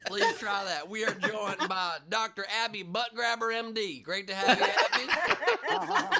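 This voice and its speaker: A man hosts a comedy show over a video call, riffing and teasing his guests in a playful running patter. His voice is strikingly bright and high for a man, swinging widely in pitch with a gravelly edge. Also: lively intonation, measured pace, a little hiss or hum. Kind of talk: improvised comedy banter.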